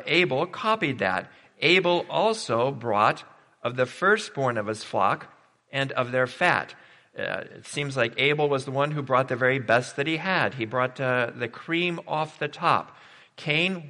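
A man preaches a sermon in an easy, conversational manner, thinking aloud with rhetorical questions and the odd "uh". His voice is bright and clear at a middle pitch. It carries with a long reverb through a large hall.

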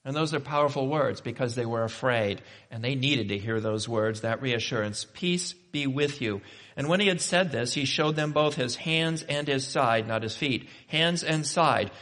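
Man preaching a conversational sermon. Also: fairly high pitch. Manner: reads scripture then comments with rhetorical questions; conversational and animated, shifting between slow emphatic and quick asides.

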